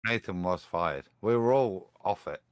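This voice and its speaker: A man speaks as a guest on a live-stream panel in a low voice whose pitch rises and falls a lot. He chats in a rambling, animated way. The recording is dry. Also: unhurried, smooth, dry recording.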